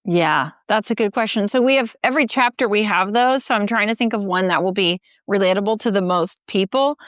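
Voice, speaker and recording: A woman's voice: medium pitch, a little fast, a bit bright, no echo. Woman author explaining parenting advice, dry sound. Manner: explains with acted-out parent quotes. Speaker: book author guest. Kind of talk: casual live chat.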